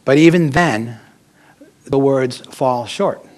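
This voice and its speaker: A man's voice: mid-range voice, slow. Candid rambling man telling his story. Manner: rambling, candid, restarts and asides. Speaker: author giving a talk. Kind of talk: personal storytelling talk.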